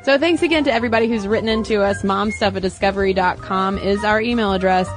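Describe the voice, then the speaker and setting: A woman's voice: mid-range voice, fast talker. A playful, talkative young woman co-hosts a podcast in an easy, casual chat. She laughs often as she talks. Faint music sits under her voice. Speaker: podcast co-host.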